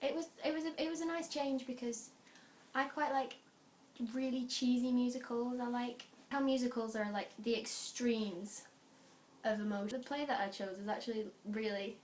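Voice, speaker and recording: A young woman from the North West of England with a Lancashire accent, talking to camera in an animated, chatty way, full of quick asides and restarts. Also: a little high, echoey room, slight background noise. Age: young adult. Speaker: vlogger. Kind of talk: casual chat.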